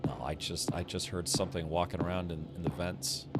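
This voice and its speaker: A man streaming a video game, chatting casually with viewers and reacting out loud as he plays. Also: low voice, flat delivery, brisk. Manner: casual, rambling, reacts aloud while playing. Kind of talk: gaming livestream commentary, chatting with viewers. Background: game music.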